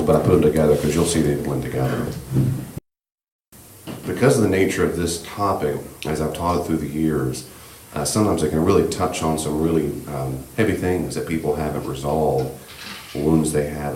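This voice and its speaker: A man leading a church class on grief, speaking in a gentle, reassuring, conversational way with many fillers. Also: extremely low pitch, reverberant, a little hiss or hum. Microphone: room microphone.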